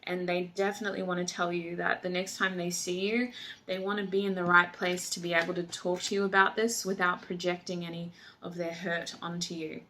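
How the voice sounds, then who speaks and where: A woman's voice: fairly low pitch, little pitch movement, a little fast, pushed and bright, a little hiss or hum. A woman doing a tarot reading, talking effusively and emotionally, often exclaiming over the cards. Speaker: tarot reader. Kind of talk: tarot reading, channeled messages.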